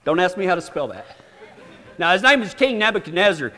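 A man's voice: sits high, sing-song, pushed and bright. Folksy preacher man in a hall. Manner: folksy, self-deprecating humor with dramatic pauses. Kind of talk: storytelling sermon. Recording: long hall reverb.

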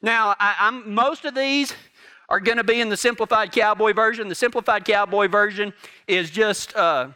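A folksy middle-aged preacher with a drawl and a high, bright, forceful voice. He spins a story for his congregation and jokes along the way as he preaches. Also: normal speed, clear, resonant tone. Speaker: pastor. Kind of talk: sermon.

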